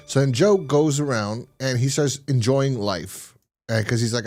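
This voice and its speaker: Podcast guy rambling through a plot recap, middle-pitched, faint music behind. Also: unhurried, a little mellow. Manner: rambling retelling, many fillers and restarts. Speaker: podcast host. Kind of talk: casual review chat.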